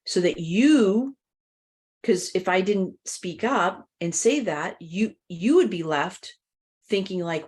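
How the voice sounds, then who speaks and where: A reflective woman hosting a conversational podcast, her voice sitting fairly low. She speaks openly about personal matters, filling pauses with "you know". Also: a little mellow. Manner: reflective, open, many "you know" fillers. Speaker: podcast host.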